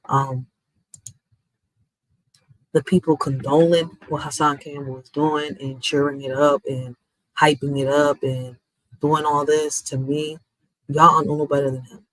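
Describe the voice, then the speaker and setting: A woman's voice: sits low, level tone, unhurried, long pauses, no room sound, low-quality recording. Blunt ranting woman. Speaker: vlogger. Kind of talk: heated social media commentary.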